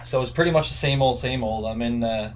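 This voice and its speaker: A man's voice: mid-range voice, brisk. A man with a Newfoundland accent speaks over a muffled phone line that carries a faint background hiss. His voice sits in a middle register. He recaps news in a wry, gossipy way. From Newfoundland, Canada. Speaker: podcast co-host. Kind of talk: casual chat. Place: remote work camp. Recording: dull phone audio with faint noise.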